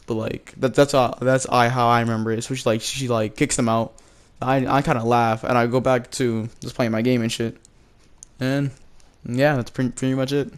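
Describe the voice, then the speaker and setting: A young man telling a storytime vlog, rambling with lots of "like" fillers and casual swearing. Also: medium pitch. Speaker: channel host.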